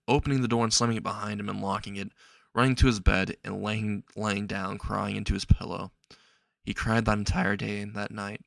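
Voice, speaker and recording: Halting, low-voiced man telling a story. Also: creaky, no echo. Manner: halting, repetitive, with restarts. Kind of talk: improvised fan-fiction narration.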